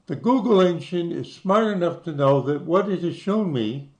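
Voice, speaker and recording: A man's voice: on the high side, animated, normal speed, a little mellow. An older man from the United States who talks you through websites in a casual screen-share, spelling things out letter by letter. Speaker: channel host.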